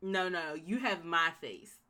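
A woman co-hosting a casual show recap, emphatic and animated, often acting out the scenes. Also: on the low side, measured pace. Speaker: podcast co-host.

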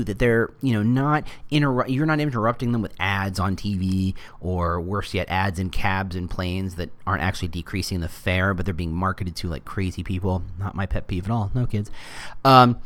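A middle-aged man hosting a casual solo podcast, talking in an animated way with joking asides and quick put-on voices for quotes. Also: on the low side. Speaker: podcast host.

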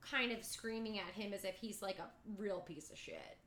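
A woman co-hosting a casual group podcast chat, talking animatedly and loudly when she mimics angry players. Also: mid-range voice, moderate pace, echoey room, noisy background. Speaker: podcast co-host.

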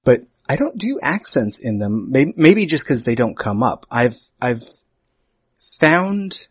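A man's voice: medium pitch, big pitch swings, slow pace, breathy edge. A man who teaches and podcasts, talking in a thoughtful, easygoing casual chat.

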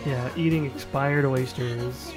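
A man in a casual podcast chat, wry and quick with jokes, sometimes ranting in exasperation. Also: medium pitch, fairly even intonation, music in the background.

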